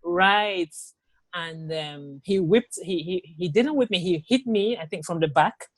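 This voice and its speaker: A woman with a lowish voice recounts her own experiences as an interview guest and author. Her telling is animated, and she acts out the words of others as she goes. The sound is close and dry, with no room around it. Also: a little slow, no echo. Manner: animated, acts out quoted speech. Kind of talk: personal storytelling in an interview.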